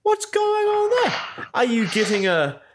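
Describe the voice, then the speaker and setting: A man's voice: wildly swooping pitch, measured pace, noisy background, heavily acted. A man voicing a pompous police chief in a mocking, squealing voice far above his own. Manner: high-pitched mocking squeal. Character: pompous ranting male police chief, middle-aged.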